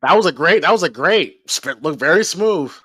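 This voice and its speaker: Animated man reacting to a movie. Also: on the high side, breathy edge, no echo, studio quality. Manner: animated, reacting with quick exclamations. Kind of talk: casual live movie commentary.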